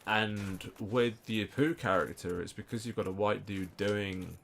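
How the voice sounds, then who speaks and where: A man's voice: lowish voice, fairly even intonation, unhurried, gravelly, a bit bright, slight background noise. A man co-hosting a let's-play, joking and swearing as he riffs at length over the game. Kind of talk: casual gameplay commentary.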